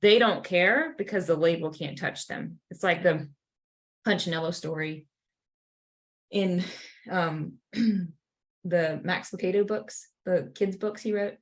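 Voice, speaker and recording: A woman's voice: lowish voice, measured pace. A woman co-hosting a casual faith podcast, telling a story with lots of fillers and little acted-out voices. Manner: animated storyteller, many "like" fillers. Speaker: podcast co-host.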